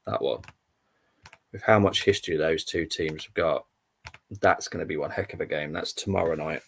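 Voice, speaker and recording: A man's voice: extremely low pitch, moderate pace, creaky, breathy edge. A young man hosting a live football stream, chatting in a rambling, casual way with lots of fillers. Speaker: livestream football update host.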